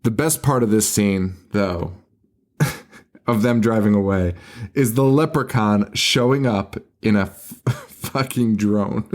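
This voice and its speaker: A man's voice: on the low side, slow pace, pauses often. A man co-hosting a horror movie podcast, in loose casual chat. He laughs a lot, swears freely and mimics characters as he recaps scenes. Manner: laughing often, swearing, mock-quoting characters. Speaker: podcast co-host.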